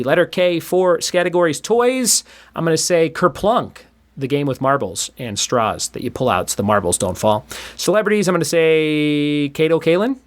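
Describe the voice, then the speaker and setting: A man hosting a solo trivia podcast, reading out questions and answers in a chatty way and laughing at his own jokes. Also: on the high side.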